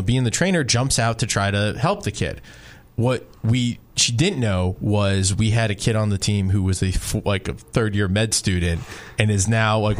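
A man hosting a sports radio show, telling stories in a chatty way and laughing easily. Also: on the low side. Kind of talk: casual radio talk, storytelling.

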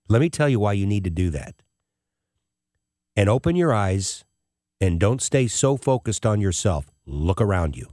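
A man's voice: on the low side, lively intonation, moderate pace, mellow, no room sound, clean studio sound. A middle-aged man hosting a show, telling a personal story in an emotional, tearful way. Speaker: host.

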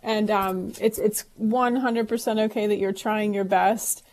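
A woman's voice: mid-range voice, fairly even intonation, measured pace, a little mellow. A woman co-hosts a call-in advice show, talking earnestly to reassure parents and callers. She circles back and restarts her phrases as she works through her thoughts. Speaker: co-host. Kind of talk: casual advice talk.

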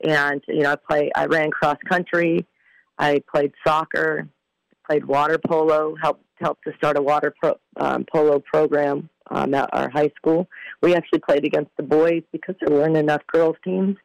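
Brief: woman interview guest from California, gravelly tone, earnest and measured, dry recording. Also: low-pitched, fairly even intonation, dry recording, rough recording. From California, United States. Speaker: guest, former softball player. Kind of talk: casual interview.

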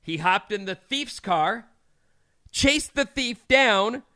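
Radio co-host, man, 30s, bright crisp voice, dry studio sound, wry news-reader delivery. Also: high voice, lively intonation, takes it slowly, dry recording. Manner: reads odd news stories with wry asides. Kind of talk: morning radio news banter.

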